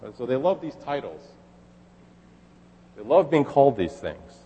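A man's voice: medium pitch, sing-song, normal speed, warm tone, breathy edge, long reverb tail, muffled recording. A man preaching a sermon in a casual, conversational way, reading scripture aloud and then explaining it. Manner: conversational, with fillers and restarts, reads scripture aloud. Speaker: pastor.

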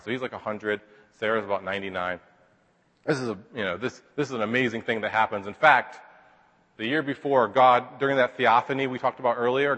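A man's voice: mid-range voice, a bit bright, husky, long reverb tail. A man teaching a Bible lesson in a casual, chatty way, full of asides and rhetorical questions.

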